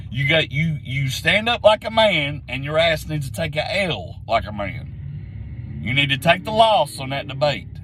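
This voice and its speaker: A man's voice: fairly high pitch, very animated, a little slow, fairly bright tone, a little hiss or hum, low-quality recording. Heated man ranting, a bit sick. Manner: blunt, repetitive, heated. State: getting sick, slightly hoarse. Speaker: sports commentary vlogger. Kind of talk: opinionated rant to camera.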